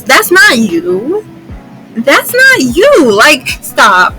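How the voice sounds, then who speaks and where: A woman's voice: high voice, wildly swooping pitch, extremely slow, music in the background, low-quality recording. A young woman vlogger ranting in exasperation, repeating her lines for emphasis. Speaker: YouTuber. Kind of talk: vlog commentary rant.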